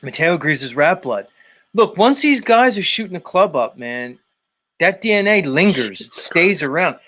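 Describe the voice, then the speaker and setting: A man's voice: a little high, sing-song, normal speed, a bit bright. A man hosting a show, ranting casually with mocking, profane remarks. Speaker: show host.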